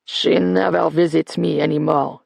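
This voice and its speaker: A man's voice: on the high side, unhurried, vocal fry, a little mellow, husky, dry recording, full character voice. A narrator voicing an irritable, forgetful old man, a former police officer, with curt, grumbling lines. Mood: grumpy, wary. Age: older.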